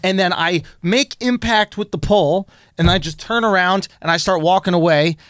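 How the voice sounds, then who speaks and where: Comedian co-host, 30s man, high-pitched, animated, profane storyteller. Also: moderate pace, dry recording, studio quality.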